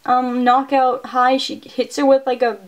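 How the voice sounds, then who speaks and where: A young adult woman reviewing a movie, retelling the plot in an excitable, casual way and filling her sentences with "like". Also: high-pitched, a little slow, dull audio. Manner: chatty and excitable, heavy use of "like" fillers.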